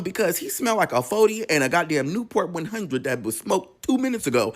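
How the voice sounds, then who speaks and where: A man's voice: sits high, very animated, fast, few pauses, fairly bright tone. A man casually telling a personal story to camera, candid and profane, acting out the dialogue as he goes. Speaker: storytime vlogger.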